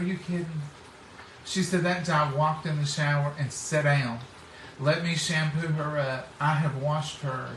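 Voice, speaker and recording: A man's voice: on the high side, a bit bright, slight background noise. A middle-aged man, telling homespun stories in casual chat and acting out what people said. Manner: folksy, acts out quoted speech. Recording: roomy, distant mic.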